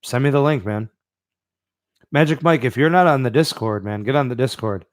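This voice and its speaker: A man's voice: medium pitch, normal speed, no echo. Chill guy doing a live podcast, answers chat, lots of "uh" and "you know", dry close sound. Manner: laid-back, reads out live chat, many fillers. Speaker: podcast host.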